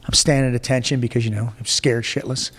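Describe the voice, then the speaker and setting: A man's voice: medium pitch, quick pace, in a large hall. A man in his forties tells a story from his own life in a casual interview, blunt and full of swearing. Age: 40s. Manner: blunt, profane, animated storyteller. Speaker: guest.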